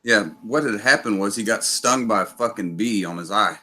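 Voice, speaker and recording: A man's voice: lowish voice, normal speed, bright, forceful tone. A man hosting a livestream, telling rambling, profane stories in casual chat. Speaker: livestream host.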